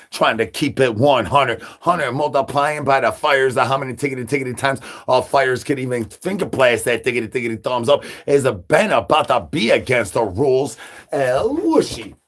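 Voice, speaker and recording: A man's voice: medium pitch, normal speed, few pauses. A man doing a crude, absurd comedy monologue, rattling off rhyming nonsense and repeated catchphrases and calling for brains like a zombie. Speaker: comedy streamer.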